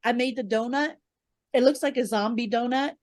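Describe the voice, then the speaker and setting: A woman's voice: on the high side, moderate pace, dry recording. A woman from the Bronx hosting a podcast in casual chat, upbeat and teasing, laughing often. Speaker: podcast host.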